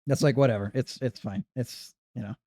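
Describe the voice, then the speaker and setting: A man's voice: mid-range voice, fairly quick, warm tone, no room sound. A man giving casual commentary on his own speedrun, muttering and thinking aloud as he plays from his couch. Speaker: speedrunner streamer. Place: living room on couch.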